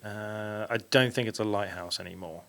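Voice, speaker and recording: A man's voice: on the low side, steady tone, normal speed, creaky, a bit bright. A man hosting a podcast, reading out facts and stopping to correct himself. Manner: reads aloud with fillers and self-corrections. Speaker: podcast host. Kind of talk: reading out facts in casual chat.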